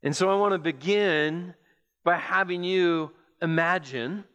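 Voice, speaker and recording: A male pastor with a high voice delivers his sermon at an unhurried pace, building an imagined story with careful pauses. His words ring out through a sanctuary with long, lingering reverb. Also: fairly bright tone, clean tone, lo-fi sound. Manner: slow, deliberate storytelling with pauses.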